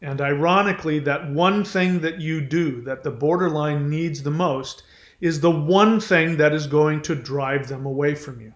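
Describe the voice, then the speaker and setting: Male host, advice monologue, slightly high voice, echoey room. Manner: conversational, slows down on key words.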